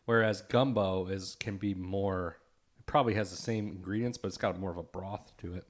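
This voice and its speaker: A man's voice: sits low, fairly even intonation, moderate pace. A young adult man co-hosting a casual podcast chat, trading stories and reading facts aloud from what he is looking up. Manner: reads facts aloud from a screen. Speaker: podcast co-host.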